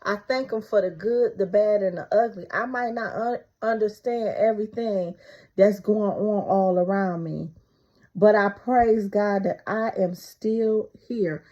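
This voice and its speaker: Speaking a little slowly in a mellow, medium-pitched voice, a middle-aged woman addresses her viewers spontaneously. Her talk is fervent and repetitive devotional encouragement with offhand remarks, captured in slightly dull lo-fi audio.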